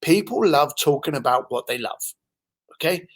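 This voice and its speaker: A man's voice: on the high side, lively intonation, moderate pace. A man telling a business story, acting out both sides of a phone call. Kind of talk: animated storytelling.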